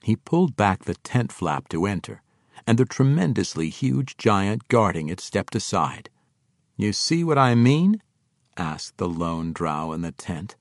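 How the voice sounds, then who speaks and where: A man narrating a fantasy audiobook in an expressive storytelling manner on a close microphone. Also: low voice, dry recording. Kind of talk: scripted narration.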